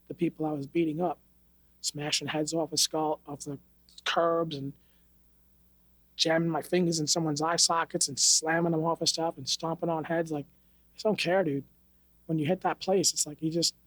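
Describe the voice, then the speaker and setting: A slightly high-voiced man from New York, a martial arts instructor, tells casual interview stories in a podcast studio with no echo. His manner is blunt, profane and streetwise.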